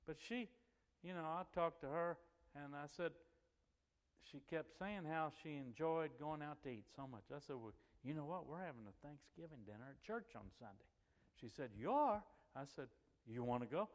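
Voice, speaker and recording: A middle-aged man spins a folksy, chatty anecdote and slips into the voices of the people he quotes. His voice sits at an ordinary pitch and carries a long reverb, as if he is speaking in a big hall. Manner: chatty and animated, acts out quoted voices and laughs as he goes. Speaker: church member telling a story.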